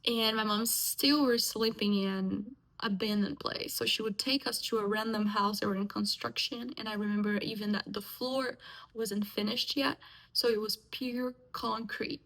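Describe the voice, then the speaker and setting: A young woman from Brazil with a Brazilian Portuguese accent, a native Portuguese speaker, telling her life story in a halting, reflective way with many fillers and restarts. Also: mid-range voice, fairly even intonation, a bit bright, poor audio. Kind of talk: personal life story told casually.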